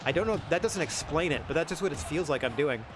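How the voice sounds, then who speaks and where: A man streaming a game, chatting casually in a rambling, self-effacing, soft-spoken way. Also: on the high side, animated, quick pace, background noise. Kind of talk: casual chat while playing.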